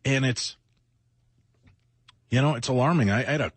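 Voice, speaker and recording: A man's voice: mid-range voice, normal speed, slightly rough, no echo. A middle-aged man co-hosting a late-night radio show, talking in a rambling, reflective way with self-mocking asides while sounding exhausted from lack of sleep. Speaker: radio co-host.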